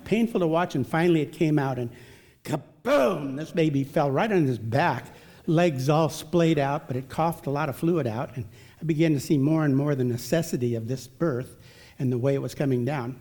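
Male speaker, slightly high, mellow voice; folksy, self-mocking storyteller at a church talk. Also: fairly quick. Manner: folksy, self-deprecating, chatty. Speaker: speaker at a church family event. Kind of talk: humorous anecdotal storytelling with scripture.

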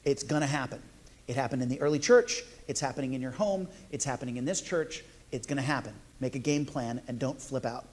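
A man's voice: medium pitch, a little fast. A man preaching a sermon, playful and jokey, talking directly to the congregation. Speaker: pastor.

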